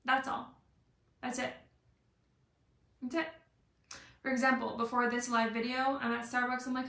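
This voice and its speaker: A woman's voice: a little high, little pitch movement, normal speed, creaky, long pauses, a bit bright, roomy sound. A young woman coaching viewers in a live video. She talks in a bubbly, playful way and acts out little scenes. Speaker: life and business coach. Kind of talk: motivational live video talk.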